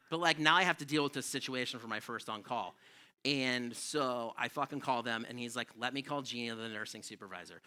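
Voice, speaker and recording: A man doing stand-up comedy, telling stories in a profane, exasperated, animated way on a comedy club stage. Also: medium pitch.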